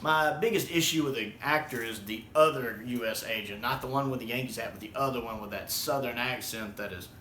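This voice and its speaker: A man's voice: medium pitch, a little fast, few pauses, pushed and bright, slight background noise. American guy rambling through a review, lots of ums, echoey room. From United States. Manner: rambling, with many ums and repeated words. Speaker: video reviewer. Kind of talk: casual spoken review.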